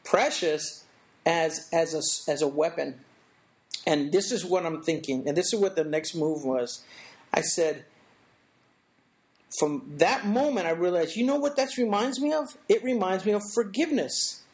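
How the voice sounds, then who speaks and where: A man's voice: high voice, expressive. Reflective middle-aged man telling his story. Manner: thoughtful, halting restarts, acts out quoted voices. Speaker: interview guest.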